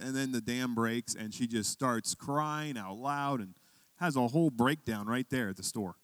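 A man's voice: mid-range voice, normal speed, no echo. A man preaching a sermon, telling a personal story conversationally and building to emphatic questions for his church. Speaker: pastor.

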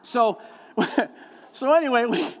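Predicador de voz aguda en una sala con eco. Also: male voice, extremely high pitch, very animated, slow. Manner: folksy storytelling with many fillers, acting out quoted voices. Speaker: pastor. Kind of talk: sermon. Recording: long hall reverb.

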